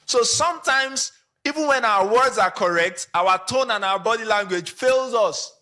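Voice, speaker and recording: Addressing a conference of photographers, a Nigerian-accented man speaks with lots of energy, acting out brief examples along the way. His voice is very high-pitched and his pace moderate.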